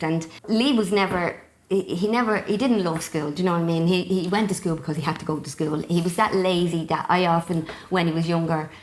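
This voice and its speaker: A middle-aged woman with an Irish accent, a guest telling family stories in a lively, laughing manner. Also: fairly low pitch, slight background noise. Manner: lively, warm storyteller who laughs often. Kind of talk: casual storytelling chat.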